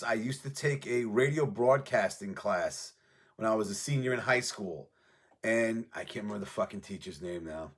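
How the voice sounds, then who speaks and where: A man rambling casually about his past, profane and offhand, trading memories as he goes. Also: mid-range voice. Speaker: music show host.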